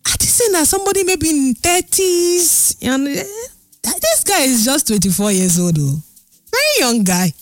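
An older woman with a Nigerian accent tells a story in a chatty Pidgin-laced way, her voice riding high and swinging widely in pitch. The sound is dry and close, with no room around her. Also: very animated, normal speed, no room sound, faint music behind. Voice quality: Pidgin-laced chatty speech, laughs often. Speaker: vlogger. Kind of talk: casual storytelling commentary.

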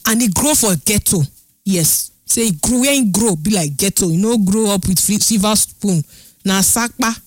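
A woman's voice: medium pitch, dry recording. An older woman with a Nigerian accent talks in a casual, chatty storytelling way, mixing in Pidgin and laughing often. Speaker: vlogger.

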